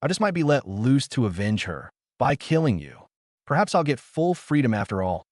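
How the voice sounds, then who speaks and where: Cruel gloating fox demon, higher than the guy doing it's own voice, dry close sound, storybook reading. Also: very animated, moderate pace, dry recording, lightly acted. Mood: angry. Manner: taunting, gloating.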